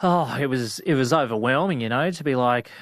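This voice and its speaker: A man's voice: mid-range voice, fairly quick, no room sound. A young Australian man, a rural vet, telling stories in an interview, laid-back and rambling with lots of fillers. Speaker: guest, outback vet. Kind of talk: storytelling interview.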